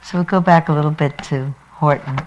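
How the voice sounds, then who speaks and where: A woman meditation teacher giving a dharma talk, reading a children's story aloud in an unhurried, expressive way. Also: low voice, lo-fi sound, slight background noise.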